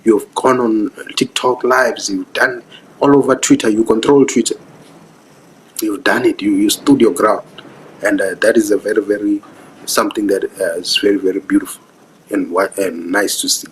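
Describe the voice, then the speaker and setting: A man's voice: fairly low pitch, steady tone, normal speed, slight background noise, poor audio. A young South African man with a South African accent giving casual live-stream commentary, earnest and preachy, who keeps asking whether you understand. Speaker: vlogger.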